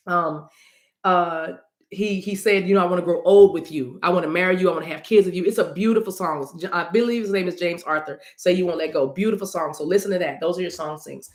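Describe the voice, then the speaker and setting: A woman's voice: fairly low pitch, quick pace, roomy sound. Chatty woman reading cards live. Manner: chatty, sings snippets, addresses chat directly. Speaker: spiritual reader. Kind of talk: casual livestream card reading.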